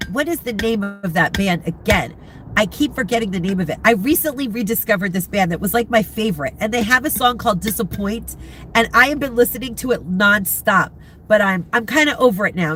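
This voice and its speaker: A middle-aged woman with a stuffed-up, congested voice chats loosely from inside a parked car. She rambles and trails off while hunting for half-remembered names. Her pitch sits in a comfortable middle range, and faint background noise hums behind her. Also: fairly bright tone. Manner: rambling, chatty, searching for names, frequent laughs. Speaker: vlogger chatting with live viewers. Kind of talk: casual chat.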